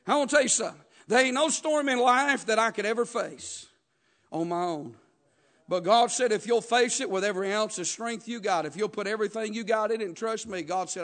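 Male preacher, very high pitch, rhythmic sermon delivery with call-and-response. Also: brisk. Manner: rhythmic preaching with frequent "uh" and "Amen?" call-outs, rising to shouts.

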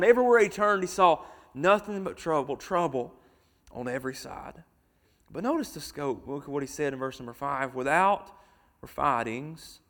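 Male preacher, high voice, dynamic sermon delivery with big swings in volume. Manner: swings from quiet to loud, slowing for emphasis.

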